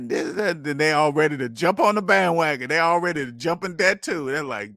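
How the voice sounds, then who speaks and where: Animated man with a dry, close sound. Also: a little high, fast talker, creaky, hardly any pauses, no room sound. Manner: animated, laughing, mock voices and rhetorical questions. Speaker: host. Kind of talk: casual monologue.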